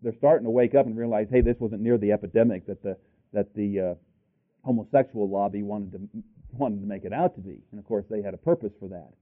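A man preaches a sermon and presses the congregation with rhetorical question after question. His voice swells to loud, emphatic peaks. The recording is thin and tinny, like a phone line. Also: on the low side, fast.

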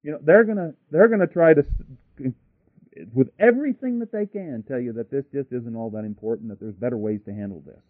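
Emphatic preacher on tinny radio. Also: male voice, medium pitch, fairly quick, no echo. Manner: emphatic, rhetorical, frequent restarts and asides. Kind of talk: sermon. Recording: dry, tinny radio broadcast.

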